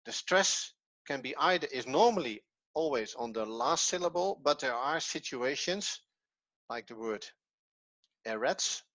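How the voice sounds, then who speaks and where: A man's voice: mid-range voice, animated, moderate pace, a bit bright. A man with a Dutch accent, his first language Dutch, teaching an online language lesson patiently and step by step with repetition. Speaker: Hebrew teacher.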